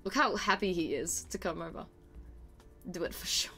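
A woman streaming live, chatting casually with her viewers, excitable and quick to swear, with a desk mic. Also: mid-range voice, soft background music. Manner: chatty and excitable, swears freely, shrieks when surprised.

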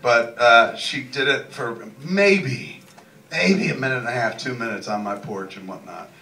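On stage in a big cinema, a man hosts a live podcast, spinning a rambling, profane comic story in a laid-back manner with lots of swearing. His medium-pitched voice is unhurried and sharp-toned, captured from a distance in an echoey hall amid audience laughter and room noise.

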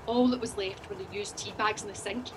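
A woman's voice: medium pitch, fairly even intonation, fairly quick, background noise, natural voice. An actress with a Scottish accent playing a flustered, tearful and snappish woman passenger in an audio drama. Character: frazzled woman passenger, nervy and defensive.

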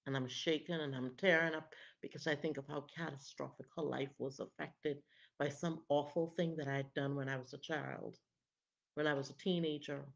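A woman, preaching as a prophetess and telling a personal testimony with animated acted-out dialogue. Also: low-pitched, normal speed, gravelly. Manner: animated, acts out the other people's lines. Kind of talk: testimony storytelling. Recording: dull lo-fi recording.

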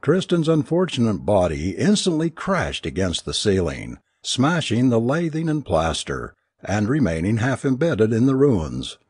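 A man reading a story aloud with measured, expressive narration. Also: medium pitch, breathy edge, no room sound, clean studio sound. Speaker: audiobook narrator. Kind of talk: scripted narration.

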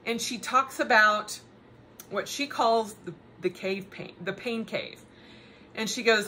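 A middle-aged woman telling a story in a chatty, animated way, with laughing asides. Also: mid-range voice, takes it slowly, slight background noise. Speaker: podcast host. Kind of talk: casual personal monologue.

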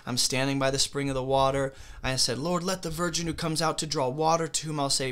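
A man's voice: medium pitch, fairly even intonation, brisk, hardly any pauses, fairly bright tone, clean tone. A man leading a conversational Bible study, reading scripture aloud and then explaining it casually, often checking in with the listener. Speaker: Bible teacher.

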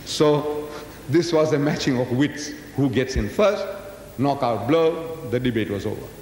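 A man's voice: measured pace, a little mellow. A man in his seventies giving a public lecture, telling a story with emphatic rhetorical questions. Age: 70s. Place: large lecture hall. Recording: echoey hall recording, faint rumble.

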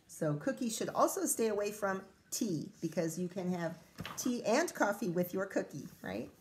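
A woman teacher reading a storybook aloud to children, pausing to chat and ask them questions. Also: mid-range voice, expressive. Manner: chatty, asks children questions.

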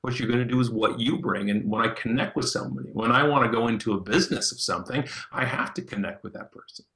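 A man, a podcast guest, telling stories in an animated way and often repeating words as he starts his sentences. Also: mid-range voice, quick pace. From Canada. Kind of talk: casual podcast interview.

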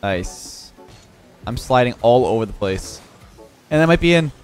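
A young man giving live commentary over his own gameplay, excitable and quick to laugh, with frequent exclamations. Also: medium pitch, soft background music. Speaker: gaming YouTuber.

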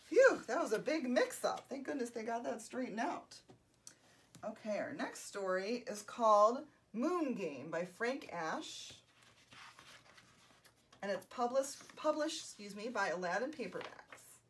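A children's librarian reading picture books aloud to young children, animated and enthusiastic. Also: female voice, fairly high pitch, a little slow. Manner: animated, enthusiastic and sing-song.

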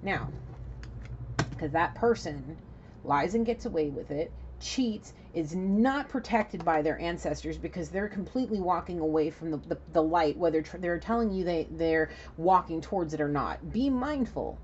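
A woman's voice: fairly low pitch, expressive, moderate pace, darkish tone, lo-fi sound, slight background noise. A woman giving a spiritual reading to camera in an emphatic, profane, chatty manner. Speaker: psychic reader.

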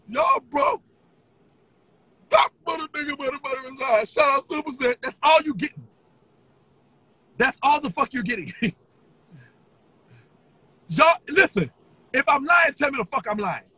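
Male streamer, very high and lively pitch, taunting profane rant with sing-song shouting. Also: a little slow, pauses often, no room sound, rough recording. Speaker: social media personality. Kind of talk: profane ranting livestream.

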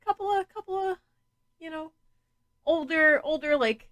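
A woman's voice: sits high, normal speed, fairly bright tone, low-quality recording. A woman hosting a casual podcast, chatty and frank, laughing often and swearing freely. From New England. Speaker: podcast host.

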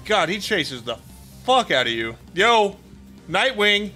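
A young man chatting casually while playing a game, excitable and swearing often. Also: sits high, slow, soft background music. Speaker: gaming YouTuber. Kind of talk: casual gameplay chat.

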